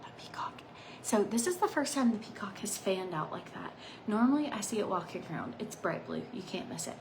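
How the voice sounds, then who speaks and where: A woman in her thirties talks casually while doing her makeup, wandering from topic to topic. She often lets her phrases trail off into a soft near-whisper. The close mic picks up a faint background hiss. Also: medium pitch, sing-song, a little fast, creaky. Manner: rambling and chatty, drifting between asides. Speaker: makeup vlogger. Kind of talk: casual chatty makeup vlog.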